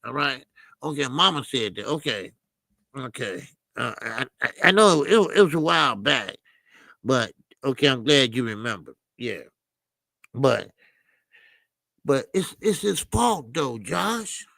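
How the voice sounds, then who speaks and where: A man's voice: mid-range voice, sing-song, unhurried, creaky, long pauses, sharp tone, no echo. A man hosting a boxing channel, chatting casually and animatedly with his live chat, full of fillers and restarts. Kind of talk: casual live-stream commentary.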